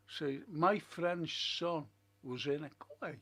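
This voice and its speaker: At home, a man hosts a casual live stream in a slightly high, somewhat bright voice, speaking unhurriedly. He rambles along, musing aloud and reading out comments from viewers.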